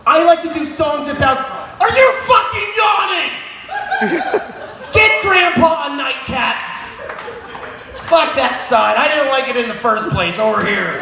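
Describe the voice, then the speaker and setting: A man doing a crude, crowd-baiting stand-up set on a pub stage, often shouting at the audience. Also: extremely high pitch. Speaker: stand-up comedian. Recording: echoey room with crowd noise.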